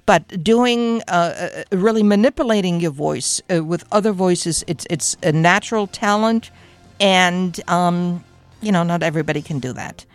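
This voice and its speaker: An older woman from Germany with a slight German accent, hosting a radio show in a studio and chatting in an animated, rambling way full of fillers. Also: lowish voice, normal speed, soft background music. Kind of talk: casual radio chat.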